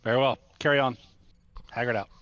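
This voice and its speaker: A man's voice: mid-range voice, fairly even intonation, a little fast, muffled recording, slight background noise. A man playing a starship captain in a tabletop role-play game, giving orders with many hesitations.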